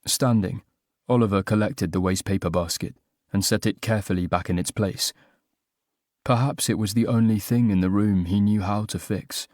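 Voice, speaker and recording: A man's voice: on the low side, fairly even intonation, moderate pace, a little mellow, dry recording, clean studio sound. A man narrating a first-person romantic comedy audiobook with a wry, self-mocking comic delivery.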